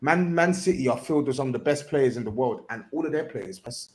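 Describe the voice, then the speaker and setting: A man's voice: medium pitch, expressive, a little fast. Insistent London man. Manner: insistent, repeats himself. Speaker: podcast co-host. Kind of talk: casual football chat.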